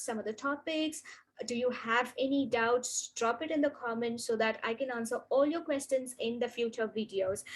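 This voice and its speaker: A woman teaching an online English grammar lesson, reading out example sentences slowly and deliberately and stressing the rise of question intonation. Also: fairly high pitch.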